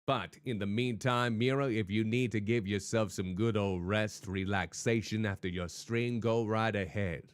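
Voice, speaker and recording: A man's voice: lowish voice, steady tone, moderate pace, few pauses, smooth, no room sound, clean studio sound. A man streaming a game, talking in a put-on hardboiled noir private-eye voice and chatting with his viewers. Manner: chatty, greets viewers by name. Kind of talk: live game-stream commentary. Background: faint background music.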